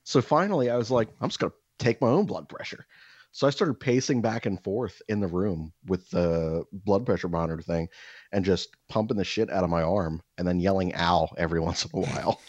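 A man co-hosting a podcast, telling a story in casual chat, animated and swearing as he acts out quotes. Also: low voice, a little fast, husky, no room sound, highs cut off. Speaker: podcast co-host.

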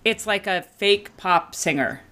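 A middle-aged woman and mother telling a comic story in casual chat, acting out her daughter and herself in sudden high, laughing voices. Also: a little slow, slight background noise. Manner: animated, acts out quotes with big pitch jumps, laughing.

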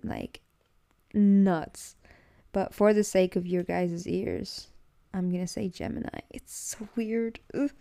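A young woman hosting a casual solo podcast, rambling and animated, laughing often and filling her talk with "like" and "dude". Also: mid-range voice, smooth. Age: young adult. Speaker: podcast host.

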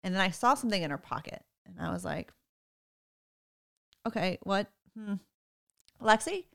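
A woman casually telling an animated parenting story, quoting her children and laughing often. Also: medium pitch, normal speed, vocal fry, no echo, studio quality. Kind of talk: casual chat.

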